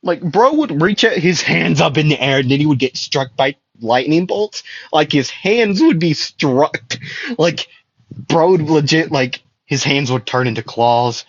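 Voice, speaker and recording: A man's voice: on the high side, lively intonation, measured pace, dry recording, muffled recording. A young man improvising an anime fan story, rambling with many fillers and restarts and laughing at his own jokes. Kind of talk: improvised fan story, voicing characters loosely.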